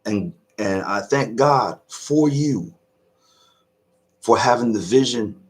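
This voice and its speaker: A middle-aged man hosting a casual reaction video, choked up with emotion, talking earnestly in halting restarts. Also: mid-range voice, animated. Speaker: YouTube reaction host.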